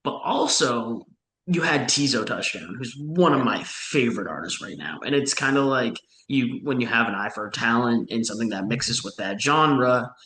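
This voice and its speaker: A man's voice: medium pitch, animated, pushed and bright. Analytical young man in a roomy room. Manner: measured, analytical, many restarts. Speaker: podcast co-host. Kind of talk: casual music review chat.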